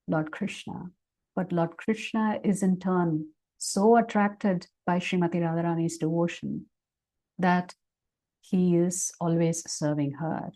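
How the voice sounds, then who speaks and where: A woman speaker giving a devotional class on a video call, telling a sacred story in an animated way, then teaching reflectively. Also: lowish voice. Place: online class session.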